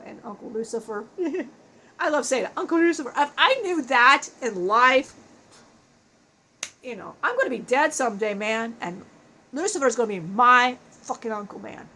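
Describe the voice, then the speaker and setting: A foul-mouthed, wisecracking spirit of a big bald man who has passed on, spoken by a woman channeling him. The voice is high, full of laughs, curses and offhand jokes, with a faint hiss of noise behind it. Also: a bit bright. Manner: crude, swearing, jokey, laughs often. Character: irreverent dead man's spirit, big bald joker.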